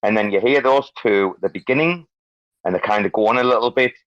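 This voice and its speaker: A man hosting a loose chat on a live audio stage. His voice is low and very dry, and he swears freely and rambles bluntly. The sound is dull and muffled. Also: fast, fairly bright tone, dry recording. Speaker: host.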